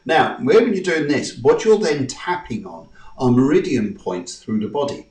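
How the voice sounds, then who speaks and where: A man hosts a live-streamed spiritual show and leads listeners through tapping affirmations in a soft, coaxing way. He sits some distance from the mic, so his voice carries a roomy echo. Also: medium pitch, lively intonation, a little slow. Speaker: host.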